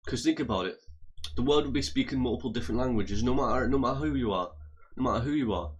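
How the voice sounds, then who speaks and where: A man's voice: mid-range voice, fast, husky, low-quality recording. A young man, ranting casually in a heated way, swearing and repeating himself as he stumbles over his words.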